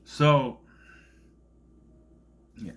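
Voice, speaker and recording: A man giving a casual, rambling movie review, often slipping into silly voices to act out lines. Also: very slow. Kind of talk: casual film review monologue.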